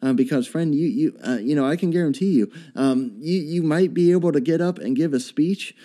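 A man's voice: a little high, fairly quick, mellow. A man preaching a sermon in an earnest, repetitive way, with many fillers and restarts.

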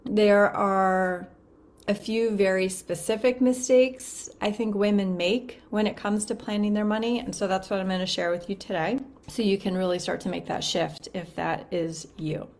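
A woman with a medium-pitched, darkish voice and steady tone hosts a solo podcast as a financial coach, speaking at a moderate pace. Upbeat and chatty, she's a little out of breath and often asks "right?"

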